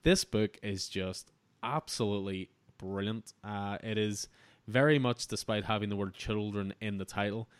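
Man, comic book podcast host, casual review chat, enthusiastic and rambling, clear voice, dead dry sound. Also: fairly low pitch, fairly even intonation, normal speed, no room sound.

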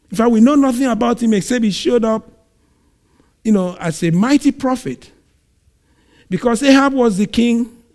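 A man from Nigeria preaches a sermon, telling scripture as a lively story with sudden swells in volume. His voice sits high for a man. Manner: animated storytelling, acts out scenes.

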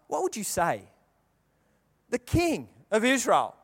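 A man preaching a sermon, telling the story with animated delivery and acting out the characters' lines. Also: high voice, moderate pace, creaky. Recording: long reverb of a large hall.

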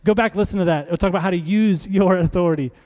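A male pastor preaching a sermon in a conversational, animated way, acting out little scenes. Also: high-pitched, fast.

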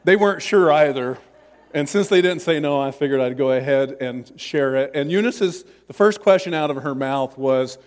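A man's voice: a little high, moderate pace, in a large hall. A man pastor preaching a sermon in a church, chatty and self-deprecating, with many restarts.

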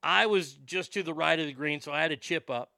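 A man casually telling a profane, animated anecdote and often laughing as he talks. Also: on the high side, a little fast, creaky, dry recording, studio quality.

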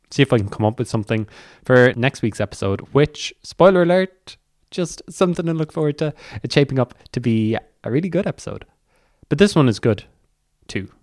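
A man's voice: mid-range voice, darkish tone, dry recording, studio quality. A man with an Irish accent hosting a music podcast, talking through the show's lineup with rambling, self-deprecating asides. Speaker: podcast host. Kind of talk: chatty solo podcast intro.

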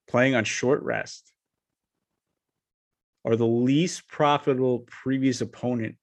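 A man co-hosting a casual sports betting podcast, reading off betting stats in a laid-back way. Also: mid-range voice.

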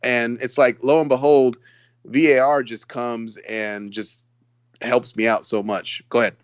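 A man co-hosting a casual football podcast, talking in an excitable, rambling way and laughing often. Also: mid-range voice, a little slow, no echo, dull audio. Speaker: podcast co-host. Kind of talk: casual sports chat.

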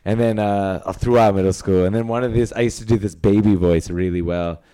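A man from New York co-hosting a podcast, chatting with dry, deadpan humor. His voice sits on the low side and sounds mellow and relaxed. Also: brisk, smooth. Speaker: podcast co-host. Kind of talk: casual chat.

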